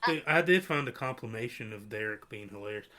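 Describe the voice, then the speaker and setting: A man hosting a podcast in casual chat, telling stories in a rambling, animated way with many restarts. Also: on the low side, brisk. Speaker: podcast host.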